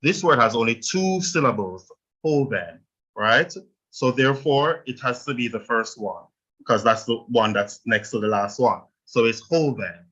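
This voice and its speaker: Jamaican male teacher, bright forceful tone, slightly dull lo-fi sound, patient step-by-step explainer. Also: mid-range voice, normal speed. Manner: explains step by step, checks in with "right?". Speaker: Spanish teacher. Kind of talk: online language lesson.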